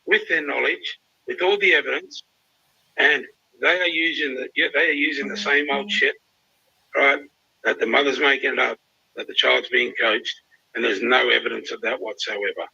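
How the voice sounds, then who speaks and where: A man's voice: medium pitch, steady tone, moderate pace, gravelly, bright, forceful tone, husky. An angry, emotional Australian man ranting on a livestream, swearing constantly. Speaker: youth worker ranting on a livestream. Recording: dull lo-fi livestream audio.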